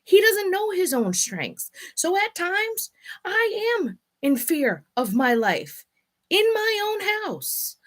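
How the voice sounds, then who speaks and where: A woman's voice: very high voice, wildly swooping pitch, takes it slowly. A middle-aged woman hosting her own video, talking candidly and bluntly, with swearing as she vents about home life. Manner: blunt, profane, venting. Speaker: vlog host. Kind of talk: candid personal chat.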